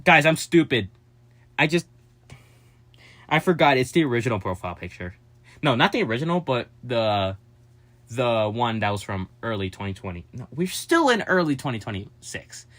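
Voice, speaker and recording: A man chatting casually and excitably to his viewers, jumping from topic to topic with quick asides and jokes. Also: medium pitch. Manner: addresses viewers as "guys", quick asides and joking. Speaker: vlogger. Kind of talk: casual rambling vlog chat to viewers.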